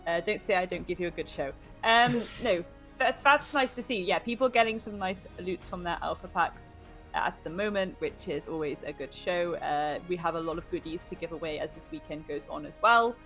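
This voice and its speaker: A woman's voice: fairly low pitch, fairly bright tone, faint music behind. A woman with a British accent, commentating a live esports tournament in a chatty, giggly way. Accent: British English. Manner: giggly, chatty, quick to laugh. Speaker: esports caster.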